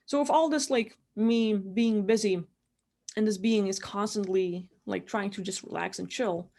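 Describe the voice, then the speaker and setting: A woman's voice: mid-range voice, measured pace, gravelly, dark tone. A woman giving casual guided spiritual instruction from her room, rambling and filling her talk with "like". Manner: rambling, heavy use of "like". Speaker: spiritual teacher.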